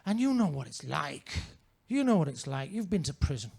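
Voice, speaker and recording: A man's voice: a little high, sing-song, moderate pace, gravelly, a little mellow, slightly rough. A man performing a stand-up comedy set on a comedy club stage, in a pompous manner with ornate wording.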